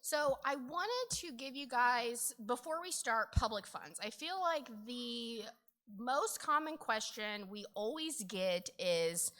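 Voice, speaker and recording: Middle-aged woman presenter, high bright voice, very animated storytelling, laughs often at conference training. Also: takes it slowly. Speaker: conference presenter on county finance. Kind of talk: conference training talk with anecdotes.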